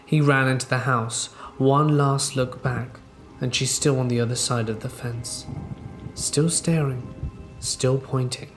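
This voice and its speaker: A man narrating true scary stories in a calm, measured storytelling way. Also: medium pitch, over music. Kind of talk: scripted narration. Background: faint rain ambience.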